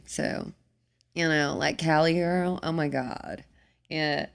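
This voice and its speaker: A woman's voice: deep voice, steady tone, slow, creaky, clear, resonant tone. Chatty English woman singer. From England. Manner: chatty, many filler "like"s. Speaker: guest musician. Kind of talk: casual interview chat.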